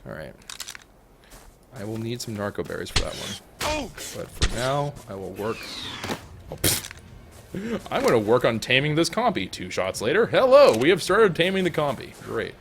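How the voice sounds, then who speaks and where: Excitable young man narrating his gameplay. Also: mid-range voice, normal speed, long pauses, background noise. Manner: excitable, jokey, talks to the animals. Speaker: gaming YouTuber. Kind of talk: let's play commentary.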